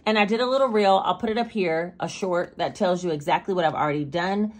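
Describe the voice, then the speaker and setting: A woman's voice: fairly low pitch, fast talker. A woman making a casual budgeting vlog, chatting with viewers and counting cash aloud as she stuffs binders. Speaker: budgeting vlogger.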